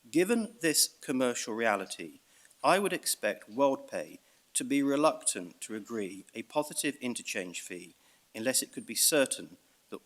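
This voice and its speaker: A British man arguing a case in court as a barrister, reading out evidence and stressing key words in a measured way. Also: on the low side, fairly bright tone. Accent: British English. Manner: measured, reads out evidence with emphasis. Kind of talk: courtroom legal argument.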